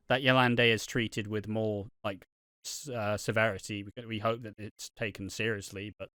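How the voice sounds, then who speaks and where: A man with an English accent co-hosting a podcast, speaking in halting casual chat with lots of restarts and casual swearing. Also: fairly low pitch, bright, forceful tone, no echo, studio quality. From England. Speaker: podcast co-host.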